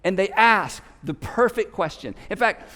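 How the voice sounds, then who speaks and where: An animated male pastor preaching to a church, his voice high for a man. He swings from quiet asides to shouted lines as he tells the story. A long reverb of a big hall rings behind him. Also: a little slow. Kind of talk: sermon. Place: church auditorium.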